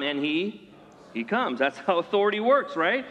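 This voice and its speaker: A man preaching a sermon in an animated way, acting out the voices of the people in his story. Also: fairly high pitch, measured pace, lo-fi sound. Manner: animated, acts out voices of characters. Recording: long hall reverb.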